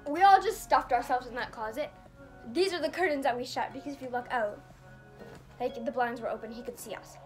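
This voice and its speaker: A woman's voice: high-pitched, brisk, faint music behind. A young woman telling a storytime vlog in casual chat, rambling with many fillers and acting out what people said. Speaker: vlogger.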